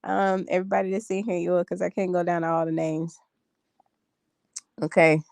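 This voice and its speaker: Tired woman in her thirties, slightly low voice, dry close phone sound, chatty livestream host. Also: flat delivery, brisk, creaky, darkish tone, no room sound. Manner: chatty, addresses viewers as y'all and honey. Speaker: vlogger. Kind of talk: casual livestream chat.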